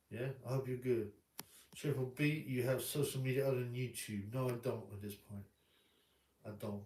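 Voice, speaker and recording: A man's voice: medium pitch, darkish tone, distant mic. Blunt male streamer, rambling rant, roomy room, sits back from the mic. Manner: blunt, rambling, repeats himself. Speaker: boxing livestream host. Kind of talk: casual live-stream rant.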